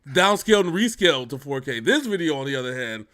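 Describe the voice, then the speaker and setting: A man with a voice on the high side talks quickly while co-hosting a reaction show over a video call. He banters casually and jokes, sounding animated, with big swings in loudness.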